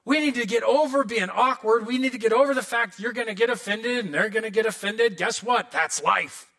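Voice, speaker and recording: Pastor, male, high and bright tone, animated sermon storytelling with comic asides. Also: fairly quick.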